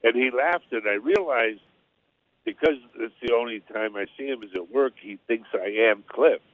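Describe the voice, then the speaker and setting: A man's voice: medium pitch, no echo. Male guest telling stories over a tinny phone line. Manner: anecdotal, halting restarts. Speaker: guest actor. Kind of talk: casual interview storytelling. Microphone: phone call-in.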